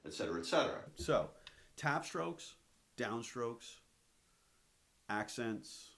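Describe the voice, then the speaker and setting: A man's voice: mid-range voice, big pitch swings, slow pace, vocal fry, fairly bright tone, echoey room. A man teaching drumming, explaining stick strokes in a practical, conversational way and often checking in with "right?". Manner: explanatory, counts beats aloud, frequent "right?" tags. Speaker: drum teacher. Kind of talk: instructional demonstration. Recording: drums and clicks behind voice.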